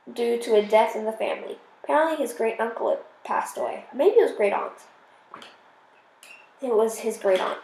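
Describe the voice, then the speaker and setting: A woman's voice: on the high side, vocal fry, a little mellow, roomy sound, poor audio. A woman reading a novel aloud, often stumbling and correcting herself as she goes. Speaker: audiobook reader.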